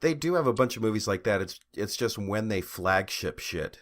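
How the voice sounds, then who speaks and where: This young man co-hosts a podcast in a casual chat, rambling with fillers, restarts and frequent laughter. His voice is fairly low, with lively intonation at a normal speed.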